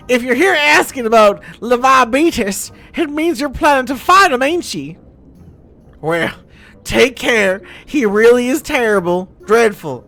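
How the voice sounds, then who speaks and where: A skittish country bumpkin dockhand, as a man puts him on for a game, talking in a high, bright voice. He swoops wildly up and down as he yelps and frets. Faint music plays underneath. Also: full character voice. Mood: warning. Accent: put-on country bumpkin accent. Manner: excitable, yelping and laughing. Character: cowardly rustic male dockhand NPC.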